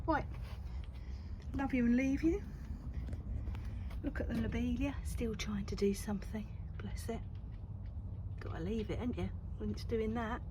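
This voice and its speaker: An older woman chats her way around her home garden, her voice rising and falling in a lively, sing-song way. She keeps slipping into a half-whisper between bright remarks, like she is letting you in on a secret. There is a faint outdoor hush behind her. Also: mid-range voice, measured pace, pauses often, noisy background. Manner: chatty, often drops to a whisper, coos at her cat. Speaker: gardening vlogger. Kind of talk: casual walk-and-talk garden tour.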